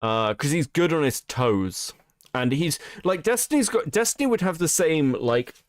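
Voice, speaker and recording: Lively man with a lively voice. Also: fairly high pitch, moderate pace, no echo, studio quality. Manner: animated, laughs often, profane banter. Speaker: streamer reading chat. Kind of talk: casual live-stream commentary.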